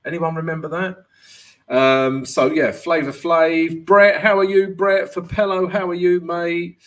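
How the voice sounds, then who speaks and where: A man's voice: fairly high pitch, level tone, measured pace, a bit bright. A man hosting a live trading Q&A stream, chatty and joking, greeting viewers by name and dropping "right?" and "um" as he goes. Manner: fillers like "right?" and "um". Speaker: forex trading host.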